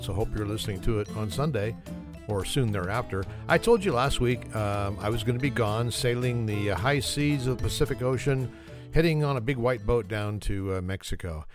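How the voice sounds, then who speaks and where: A man's voice: fairly low pitch, moderate pace, over music. A man hosting his own podcast in a casual, joking solo chat, laughing at himself as he goes. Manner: joking, self-mocking, chuckles often. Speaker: podcast host.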